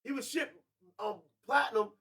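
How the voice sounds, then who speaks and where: A man's voice: extremely high pitch, moderate pace, a bit bright, husky. A man co-hosting a hip hop debate podcast, cutting in to push back and argue his point with insistence. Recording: voice sits far from the mic.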